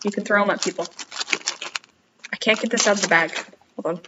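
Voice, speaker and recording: A woman's voice: mid-range voice, steady tone, brisk, far from the mic, muffled recording, background noise. A young woman streamer chatting casually, rambling and giggling at herself. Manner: giggly, rambling, self-mocking. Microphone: headset.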